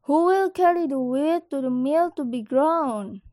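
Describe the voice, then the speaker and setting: A woman's voice: high-pitched, measured pace, mellow, dry recording, studio quality. A woman voicing a busy, hardworking little red hen who calls out hopefully to the farmyard. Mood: calling hopefully.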